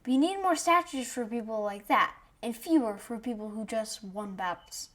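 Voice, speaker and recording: A woman's voice: fairly high pitch, moderate pace, a bit bright. A woman co-hosting a podcast with curious, light reactions and quiz questions. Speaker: podcast co-host. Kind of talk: podcast banter.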